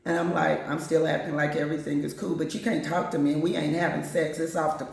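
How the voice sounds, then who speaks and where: A woman's voice: low voice, little pitch movement, fast, vocal fry, a little mellow. A woman host telling a personal story in a candid, blunt, casual way, acting out what other people said. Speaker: channel host. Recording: very echoey room.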